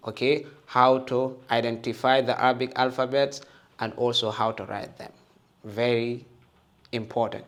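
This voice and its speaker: A man teaching the Arabic alphabet and Quran reading, patient and encouraging, often checking with "okay?" and sounding out each letter loudly for listeners to repeat. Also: mid-range voice. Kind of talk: slow patient alphabet lesson with call-and-repeat.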